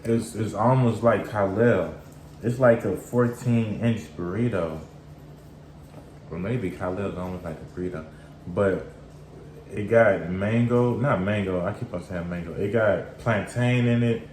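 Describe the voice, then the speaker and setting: A man's voice: fairly low pitch, measured pace, a little mellow. A man in a casual chat while eating, joking and teasing in easygoing banter. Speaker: mukbang co-host. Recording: echoey room, faint background hiss.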